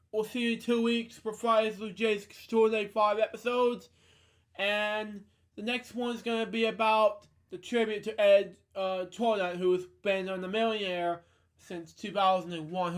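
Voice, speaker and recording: A man with a notably high voice hosts a casual home video show. He sounds tired and yawns, rambling through upcoming episodes with plenty of fillers. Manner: rambling, listy delivery with frequent fillers. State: tired and yawning. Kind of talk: casual show wrap-up and announcements.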